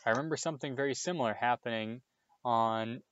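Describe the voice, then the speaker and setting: A man reading aloud, voicing a boastful, vain male wizard teacher who brags briskly. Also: medium pitch, fairly bright tone, clear, resonant tone, lo-fi sound, lightly acted. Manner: brisk, self-satisfied bragging.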